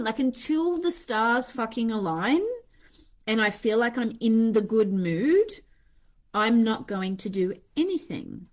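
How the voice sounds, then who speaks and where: A woman's voice: on the high side, big pitch swings, unhurried, a little mellow. A woman hosting a podcast in a candid, casual monologue, swearing freely and acting out her own inner voices. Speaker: podcast host.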